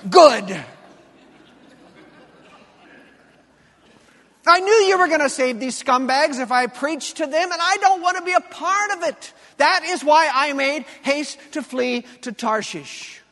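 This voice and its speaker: A petulant prophet whines at God with a very high, strained voice, dragging out each complaint, as a man puts him on. The sound rings in a long hall reverb. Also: animated, a bit bright, heavily acted. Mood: indignant. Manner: whining, drawn-out and indignant. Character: sulking, whiny male prophet complaining to God.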